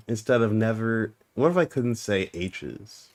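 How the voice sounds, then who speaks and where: A man's voice: on the low side, very animated, moderate pace, few pauses, darkish tone. A young man streaming, chatting casually and joking with made-up nonsense words. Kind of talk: casual livestream chat.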